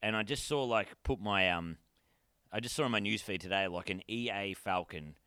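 A man's voice: lowish voice, moderate pace, sharp tone, clear, resonant tone, dry recording, studio quality. An Australian man co-hosting a podcast in casual chat, laid-back and rambling, swearing freely. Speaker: podcast co-host.

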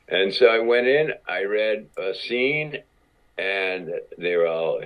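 A man being interviewed as an actor guest, telling stories in a halting, casual way, often repeating words and acting out quotes. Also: low-pitched, animated. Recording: dull lo-fi audio.

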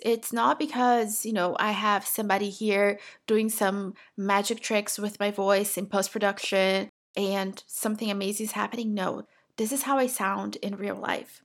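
A middle-aged woman from Brazil with a Brazilian accent, hosting her podcast in a direct, encouraging way. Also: a little high. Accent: Brazilian Portuguese. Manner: direct, encouraging, talks straight to the listener. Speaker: podcast host. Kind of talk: casual solo podcast talk.

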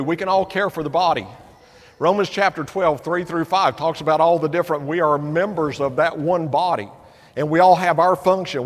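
A man with an East Tennessee accent preaches an encouraging sermon, his fairly high voice rushing through some phrases and slowing to lean on others. A long hall reverb trails each line through the sanctuary. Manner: earnest and encouraging, with quick bursts and slow emphatic phrases. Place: church sanctuary.

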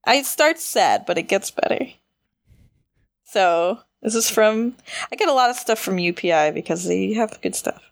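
A woman co-hosting a casual podcast, reading out news stories and reacting with quick laughs. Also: medium pitch, animated, vocal fry. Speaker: podcast co-host. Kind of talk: casual chat.

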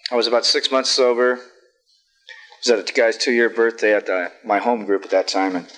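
A man's voice: fairly low pitch, flat delivery, fairly quick, fairly bright tone, poor audio. A middle-aged man speaking at a recovery meeting, telling a personal story in a plain-spoken, candid way with frequent fillers and self-deprecating humor. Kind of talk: personal sharing talk.

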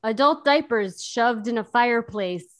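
A woman co-hosting a podcast in casual chat about a TV series, animated, laughing often and jumping between thoughts. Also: on the high side, a little slow.

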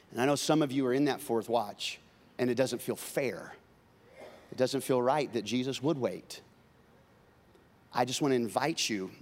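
A male pastor with a medium-pitched voice preaches a sermon that's conversational and humorous, swinging emphatically between loud and soft.

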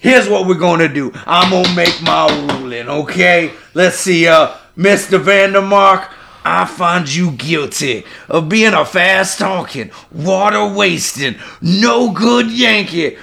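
Loud, drawling Cajun judge played by a man for a podcast skit, gravel in the throat. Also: high voice, takes it slowly, heavily acted. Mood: blustering. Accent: Louisiana Cajun, put on. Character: blustering, domineering male Cajun judge. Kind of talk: comedy podcast skit acting.

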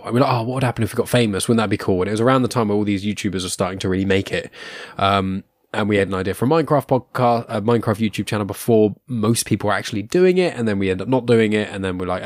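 Rambling young podcast host. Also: male voice, lowish voice, no echo, studio quality. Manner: rambling, self-deprecating, frequent fillers and restarts. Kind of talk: casual podcast interview.

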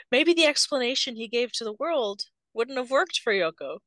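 Woman musing on a podcast, asks lots of questions, lively swingy voice, dry. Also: fairly high pitch, unhurried, no echo. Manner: thoughtful, questioning, speculative. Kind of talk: casual podcast chat.

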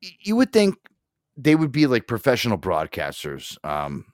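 A man's voice: medium pitch, wildly swooping pitch, moderate pace, no room sound, clean studio sound. A young man hosting a casual podcast chat, rambling, laughing and swearing often. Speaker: podcast host.

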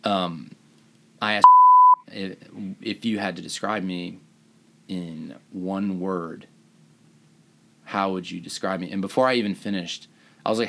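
A man's voice: low-pitched, steady tone, measured pace, pauses often, fairly bright tone. A man, a surgeon hosting a podcast, telling rambling self-mocking stories in casual chat.

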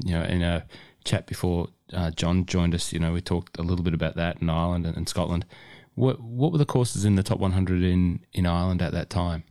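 A man hosting a podcast interview, asking questions in a relaxed, conversational way. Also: low voice, no echo, clean studio sound. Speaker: podcast host. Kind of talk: casual interview.

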